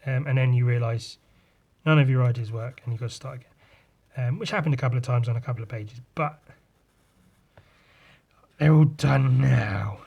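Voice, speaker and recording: A man's voice: mid-range voice, quick pace, darkish tone, slightly rough, muffled recording. A man, hosting a podcast, rambling casually about drawing and swearing freely. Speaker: podcast host and comic artist. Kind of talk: casual chat.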